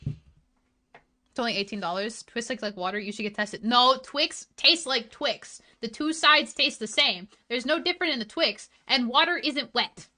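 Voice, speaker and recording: A woman streamer in casual chat, ranting with heat and swearing, swinging between loud outbursts and low mutters. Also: moderate pace. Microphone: desk mic.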